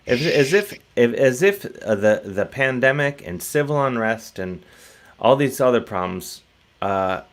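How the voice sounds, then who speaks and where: A man's voice: mid-range voice, expressive, unhurried. A man hosting a casual talk show, rambling and self-deprecating, often restarting his sentences. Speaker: host.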